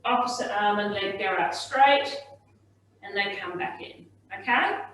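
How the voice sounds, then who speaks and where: A woman's voice: mid-range voice, measured pace, a bit bright, slight background noise. A woman instructor leading an online exercise class. She coaches the moves and keeps checking in with "okay?". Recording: very echoey room, voice far from mic.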